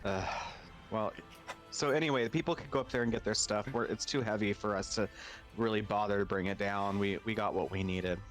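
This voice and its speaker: A man's voice: lowish voice, a little fast, soft background music. A man playing in a tabletop game, joking and speaking in character. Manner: playful, joking. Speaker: player.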